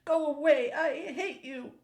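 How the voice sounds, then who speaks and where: A woman voicing a small, easily frustrated boy in a storybook, raising her voice higher and childlike. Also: sing-song, moderate pace. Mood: angry. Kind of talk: storybook reading.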